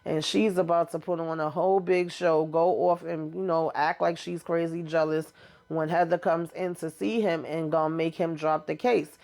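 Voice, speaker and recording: A woman's voice: sits low, fairly even intonation, normal speed, vocal fry, a little mellow. A woman hosting a casual TV episode recap, chatty, swearing mildly and talking straight to her viewers. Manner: chatty retelling with frequent mild cursing; addresses viewers directly. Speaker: TV recap host.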